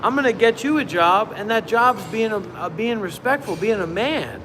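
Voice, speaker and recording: A man's voice: high-pitched, expressive, normal speed, a bit bright, in a large hall, slight background noise, voice pushed up, rough recording. A man playing a boastful old-time tough-guy gunslinger who swaggers and issues warnings. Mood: swaggering.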